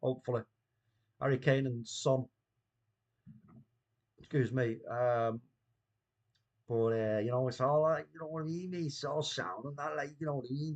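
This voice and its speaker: A man's voice: medium pitch, steady tone, moderate pace, pauses often. A man hosting a casual live watchalong stream, bantering, reading the chat aloud, and laughing often. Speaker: watchalong host.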